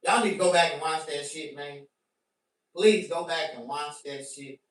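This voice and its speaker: A man doing a profane stand-up rant to his stream, animated and bursting into shouts. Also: on the high side, normal speed. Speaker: comedian. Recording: very echoey room, mic at a distance.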